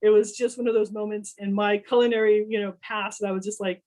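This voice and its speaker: A Texan woman who works in food, speaking as a panelist, casually tells a story about her job at a fairly quick clip in a medium-pitched voice. She's animated, acts out the people she quotes, and fills her talk with "you know." The audio quality is poor.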